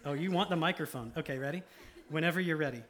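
Pastor, male, slightly raised pitch; conversational sermon with emphatic repeats. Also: quick pace, a bit bright. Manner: emphatic repetition of key lines. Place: church service.

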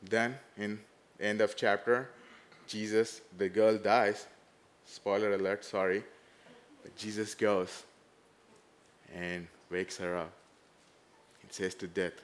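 A man preaching a sermon, animated, rising loud and dropping to hushed tones as he acts out the story. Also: fairly low pitch, moderate pace.

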